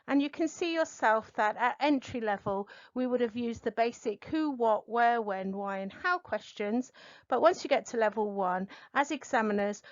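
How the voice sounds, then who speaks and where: A woman's voice: fairly high pitch, dry recording, muffled recording. A middle-aged woman English tutor giving a spoken lesson, explaining carefully and stressing key words. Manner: clear, deliberate teaching delivery with stressed key words. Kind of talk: spoken language lesson to camera.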